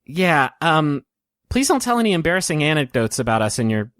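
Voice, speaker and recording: A gentle young girl speaking softly and earnestly, as a man puts her on. Her voice is lifted high and light. The delivery is tender and dry. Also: sing-song, brisk, no room sound. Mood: sincere. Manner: soft and sincere.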